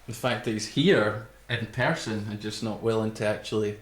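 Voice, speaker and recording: A man's voice: lowish voice, fairly even intonation, moderate pace. A Scottish man, a band guitarist, reading out viewer comments in a dry, casual way. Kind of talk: casual live-stream banter. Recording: echoey room with live music.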